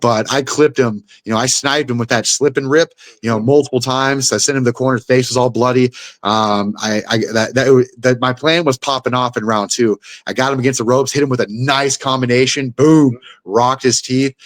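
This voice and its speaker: Profane, animated male fighter telling stories. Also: mid-range voice, normal speed, no echo. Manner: animated, profane, acts out blows with sound effects. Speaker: guest fighter. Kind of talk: casual storytelling.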